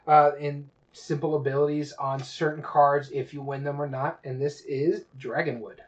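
A man's voice: fairly high pitch, steady tone, moderate pace. A man co-hosting a podcast, chatting casually about games and rambling with many fillers and restarts. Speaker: podcast co-host. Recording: dull lo-fi audio.

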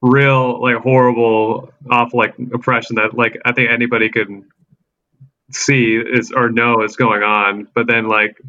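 A man's voice: medium pitch, little pitch movement, a little slow, sharp tone, lo-fi sound. A man co-hosting a casual podcast, searching for words with many fillers. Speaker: podcast co-host. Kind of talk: casual group chat.

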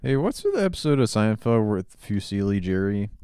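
Low, smooth-voiced young man. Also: sing-song, fairly quick, mellow, dry recording, clean studio sound. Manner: asks questions, brief reactions. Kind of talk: casual podcast chat.

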